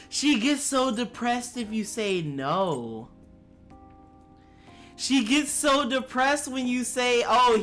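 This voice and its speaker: A young man in casual live game commentary, swearing a lot, his pitch jumping up when flustered. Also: bright, forceful tone. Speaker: game streamer.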